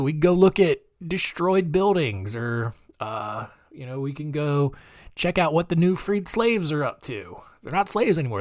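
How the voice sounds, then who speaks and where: A man's voice: mid-range voice, no room sound, clean studio sound. Rambling casual podcast host, man. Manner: rambling, full of fillers and laughs. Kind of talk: casual history podcast chat.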